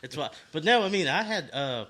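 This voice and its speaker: A man's voice: fairly high pitch, big pitch swings, brisk, fairly bright tone. A man speaking as a podcast guest in a loose, rambling way, full of fillers and casual swearing. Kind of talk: casual conversation.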